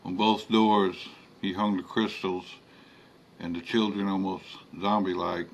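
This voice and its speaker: A man narrating a horror story in a slow, measured reading. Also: deep voice, little pitch movement, vocal fry, slight background noise.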